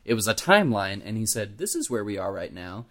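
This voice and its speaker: A man's voice: fairly low pitch, fast. A man with a Kentucky accent, co-hosting a casual podcast chat and telling stories with lots of fillers and swearing. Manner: animated storytelling with frequent fillers and profanity. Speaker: podcast co-host.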